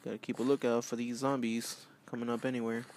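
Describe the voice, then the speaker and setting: Man, mid-range voice, goofy excitable game commentary, yells out a lot, faint background noise. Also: medium pitch, quick pace. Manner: goofy, excitable, often yelling out. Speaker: gaming channel host. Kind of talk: let's play commentary.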